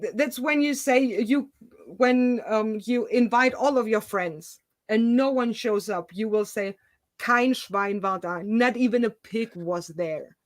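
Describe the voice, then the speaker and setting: A woman's voice: a little high, unhurried, dry recording. Laughing German woman on a call. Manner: animated storyteller, laughs often. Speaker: YouTuber host. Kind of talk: casual video call chat. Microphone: video call.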